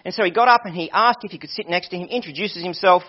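A man's voice: high voice, fast talker. A male pastor preaching a sermon, telling a story with earnest appeals to his listeners. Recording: dull lo-fi sermon recording.

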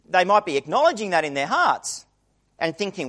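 A man's voice: high voice, big pitch swings, moderate pace, pushed and bright. A middle-aged man preaching a conversational sermon, acting out the quoted voices he describes.

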